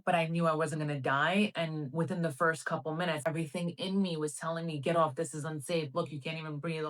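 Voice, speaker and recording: A woman in her thirties telling a personal story to camera, chatty and animated, saying "like" and "right?" often. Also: lowish voice, rough recording. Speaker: vlogger.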